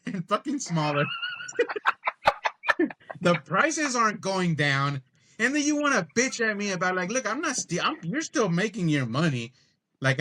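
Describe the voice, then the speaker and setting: Profane ranting man, slightly high voice. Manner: animated, profane ranting storyteller. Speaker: podcast co-host. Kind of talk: casual storytelling chat.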